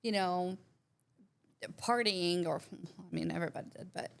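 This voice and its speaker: A woman's voice: on the low side, normal speed, gravelly. A woman from southern Albania, a podcast co-host, telling rambling stories in casual chat and acting out the quotes. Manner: rambling storyteller who acts out quotes.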